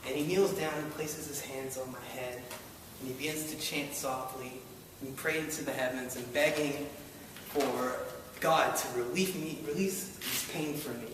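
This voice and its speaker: Speaking at normal speed with a medium, fairly even voice, a Baltimore man shares a self-mocking, wry story before a live crowd that laughs with him. The sound is noisy and echoey, recorded from a distant mic in the hall.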